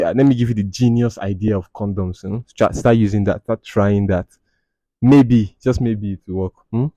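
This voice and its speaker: A Nigerian man with a low, dark, mellow voice, recorded close and dry in a small room. He hosts a casual podcast and reads confessions aloud. He adds wry, teasing remarks and slips into Pidgin. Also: no room sound. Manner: wry, mocking asides with Pidgin phrases. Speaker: podcast host. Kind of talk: casual commentary reading out anonymous confessions.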